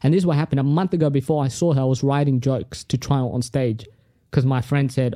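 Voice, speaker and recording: Dark-voiced man telling a story. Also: mid-range voice, brisk, hardly any pauses, dry recording, studio quality. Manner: animated storyteller who acts out other people's lines. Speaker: comedian guest. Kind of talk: casual storytelling.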